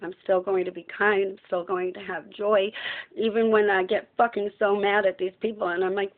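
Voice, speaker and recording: A woman's voice: medium pitch, steady tone, normal speed. Woman ranting with phone-line tinniness. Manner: impassioned, profane, ranting. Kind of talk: emotional personal monologue. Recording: tinny phone-like sound.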